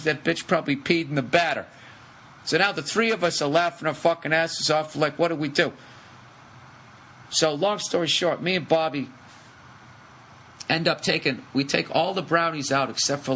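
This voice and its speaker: A man's voice: on the high side, a little hiss or hum. A man with a Boston accent telling a long comic story on a podcast, swearing freely and acting out the people in it. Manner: profane, animated, acts out the people in his story. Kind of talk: casual storytelling.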